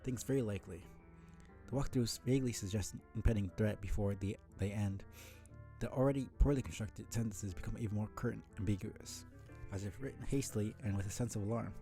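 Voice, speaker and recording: Male reader as aloof teen girl, verbose and dry, low mellow tone. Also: fairly quick, faint music behind, lightly acted. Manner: wordy, dry, mildly sardonic. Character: verbose aloof teenage girl, dryly condescending.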